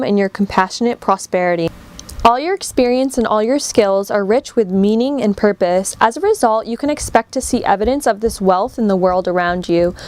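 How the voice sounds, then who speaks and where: A woman giving a casual pick-a-card tarot reading, excitable and quick to laugh, talking straight to her viewers, her voice a little worn. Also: medium pitch. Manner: excitable, laughs often, addresses viewers directly. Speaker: tarot reader. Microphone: camera on table while shuffling cards.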